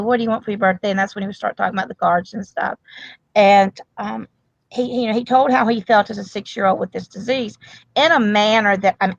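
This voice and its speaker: A woman's voice: mid-range voice, creaky, no room sound. Earnest grandmother telling a story, lo-fi. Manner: earnest, rambling with restarts. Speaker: grandmother and medical provider, guest. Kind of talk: emotional casual interview talk.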